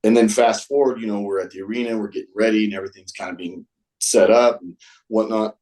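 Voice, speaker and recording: A man's voice: fairly low pitch, fairly even intonation, quick pace, a little mellow, rough recording. A man talking as a guest on a show, telling a story in a rambling, casual way. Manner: rambling, with many fillers and restarts.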